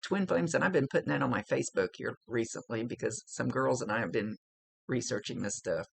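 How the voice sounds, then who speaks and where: This recorded psychic reading comes from a middle-aged woman whose bass voice is gravelly with a breathy edge. She talks briskly and animatedly, being chatty, emotional, blunt and freely profane.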